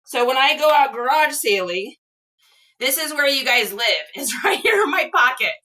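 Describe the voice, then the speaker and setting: A woman hosting a casual reselling livestream, gushing excitedly with gasps and laughs. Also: high voice, normal speed. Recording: distant from the mic.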